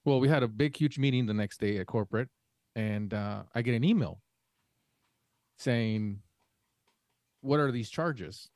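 A man's voice: medium pitch, unhurried, long pauses, a little mellow, no echo, clean studio sound. A man co-hosting a podcast, telling a long story in casual chat and acting out the dialogue in it. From Mexican family. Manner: rambling storyteller, acts out quoted dialogue. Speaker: podcast co-host.

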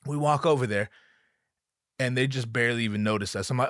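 A man's voice: mid-range voice, quick pace, dry recording, studio quality. A young adult man, a comedian, telling a comedic story with stammering restarts, acting out other people's voices.

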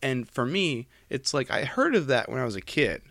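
A man's voice: mid-range voice, big pitch swings, normal speed, a bit bright, no room sound. A young man chats loosely on a podcast, circling back and restarting his thoughts as he goes. His voice sits in a middle range and sounds close and dry, with no room around it. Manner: rambling, restarts, laughs a lot. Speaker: podcast co-host. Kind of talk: casual chat.

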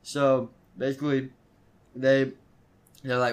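A teenage boy hosts his own podcast, casually telling a story at a slightly fast clip in a mid-range voice. His delivery rambles, with lots of stumbles and restarts.

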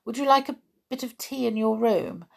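A woman voicing a kindly, bustling farm mother who talks with warm generosity. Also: on the high side, normal speed, creaky, pitched above the performer's own voice.

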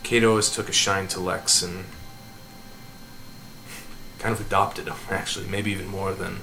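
A man's voice: deep voice, level tone, normal speed, sharp tone, low-quality recording. A man playing a hesitant, humble farmer dad. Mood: somber. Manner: hesitant, polite, many ums. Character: humble middle-aged male farmer and father.

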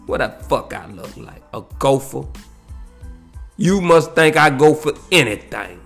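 A man telling a story in a profane, animated rant, peppered with "you know what I'm saying". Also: a little high, a little slow, soft background music.

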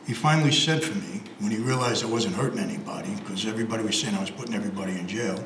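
A man who once belonged to a crime family answers interview questions in a measured, earnest way. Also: fairly low pitch, roomy sound, noisy background. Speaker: interview guest, former organized crime member.

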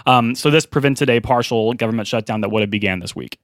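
A young man co-hosting a casual podcast, talking quickly with frequent stammering restarts and little laughs. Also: medium pitch, no room sound, studio quality. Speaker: podcast co-host. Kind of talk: casual chat about news.

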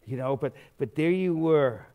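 A middle-aged pastor with a voice on the high side preaches an unhurried, casual sermon. He tells stories in an animated, conversational way, full of fillers and restarts.

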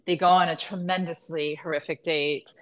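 A woman's voice: low voice, fairly even intonation, normal speed. A woman hosting a podcast, talking casually and enthusiastically, often gushing over her guest. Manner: enthusiastic, gushing, many fillers. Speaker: podcast host, matchmaker.

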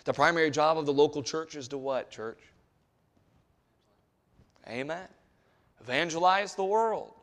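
A man preaching a sermon in a church sanctuary as a missionary preacher. He tells stories, swinging from hushed asides to loud exhortation, and calls out to the congregation for responses. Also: a little high, unhurried, long pauses.

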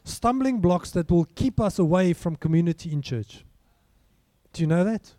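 A man preaching with a high, strikingly mellow voice. He talks to his congregation in an easy, conversational way and keeps asking them questions. The sound is dry and close. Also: lively intonation, normal speed, no echo. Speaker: pastor. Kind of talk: sermon.

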